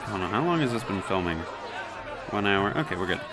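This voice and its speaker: Lively man playing through a game. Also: lowish voice, quick pace, over a noisy crowd, heavy background noise. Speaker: let's play gamer. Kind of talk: casual game commentary.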